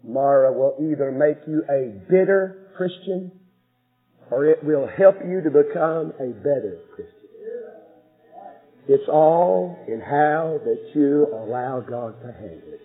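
A man preaching a sermon, telling a story emphatically with sudden soft drops in his voice. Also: medium pitch, expressive, unhurried. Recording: muffled radio broadcast with faint music.

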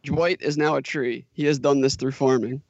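A man narrating a comedy script in a deadpan, matter-of-fact way. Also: mid-range voice, normal speed, dry recording, lo-fi sound. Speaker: comedy podcast co-host reading a script.

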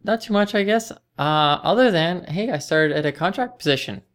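A woman's voice: on the low side, expressive, moderate pace. A woman in her thirties being interviewed in casual chat, talking hesitantly with many fillers and restarts. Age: 30s.

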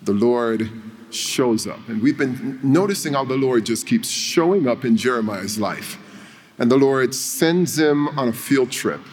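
A male preacher delivering a sermon, telling a story with dramatic pauses. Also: mid-range voice, animated, darkish tone. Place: church. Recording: long reverb of a church hall.

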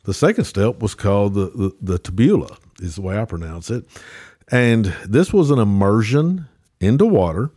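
A man's voice: fairly low pitch, expressive, moderate pace, warm tone, husky. A man with a Southern US accent explaining a religious topic as a podcast guest, with many restarts and fillers. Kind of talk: casual theological discussion.

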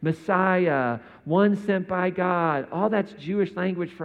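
A man preaches in a relaxed, talky way, often tossing rhetorical questions to his listeners. His voice sits a little high. The recording is muffled and rings with a long hall reverb. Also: a little slow, hardly any pauses. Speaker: pastor. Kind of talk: sermon. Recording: dull sound in a reverberant hall.

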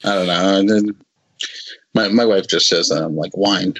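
A man in his forties rambles cheerfully as a podcast guest, often stopping and restarting his sentences. His voice sits low with a husky grain to it. The recording is dry and close, and he drops into goofy little voices now and then. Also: fairly even intonation, normal speed, fairly bright tone, dry recording, low-quality recording. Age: 40s. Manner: rambling, many restarts, playful voice bits. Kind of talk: casual podcast chat.

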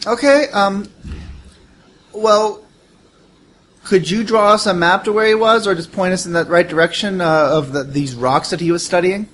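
A man's voice: sits high, moderate pace, fairly bright tone, slight background noise. A man as a player in a tabletop game, chatting casually with hesitant fillers.

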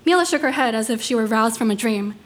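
A woman with a somewhat high voice reads a first-person story aloud to listeners. Her delivery is animated, and she gives quoted lines their own voices. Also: quick pace.

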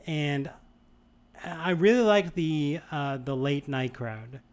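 Smooth-voiced man telling a story. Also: fairly high pitch, slow. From Boston area, USA. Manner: rambling, animated storytelling with many restarts. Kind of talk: casual chat.

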